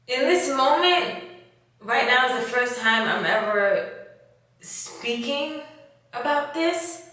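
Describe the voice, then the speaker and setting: A woman YouTuber talking in a confessional vlog, emotional and halting, with sighs, fillers and a tight throat. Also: mid-range voice, pushed and bright. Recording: very echoey room, voice far from mic.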